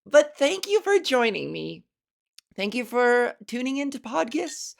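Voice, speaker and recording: A woman hosting a casual solo podcast, rambling and self-mocking, laughing at her own jokes while working on a softer voice. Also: on the high side, big pitch swings, unhurried, gravelly. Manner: practicing a softer voice with resonance and inflection. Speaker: podcast host. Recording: fan blowing near the microphone.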